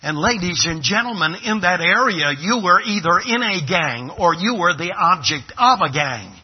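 This Brooklyn, New York preacher has a fairly high, husky voice, and the recording's highs are cut off. He delivers his sermon with dramatic emphasis, playing out small scenes and voicing their dialogue.

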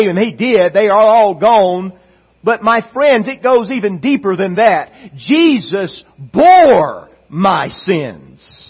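A man's voice: high voice, slightly rough, highs cut off. A man preaching a sermon as pastor, with impassioned, repeated emphatic phrases.

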